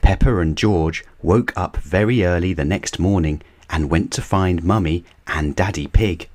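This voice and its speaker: A narrator with a low, deep voice reads a children's picture book aloud. He goes slowly and unhurriedly, keeping his storybook delivery measured and even.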